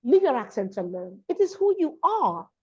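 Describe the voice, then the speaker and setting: In an interview conversation, a Nigerian woman raised in Lagos, a diction and public speaking coach, explains things emphatically and keeps repeating her main points. Her high voice swings widely in pitch, moving at a normal speed with a warm tone and a breathy edge. The recording has a dull, lo-fi quality.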